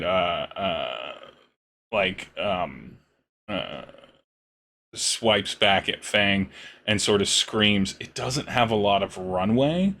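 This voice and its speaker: Slow, low-voiced male game master. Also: a bit bright. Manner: halting, many fillers, chuckling. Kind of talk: narrating a tabletop game.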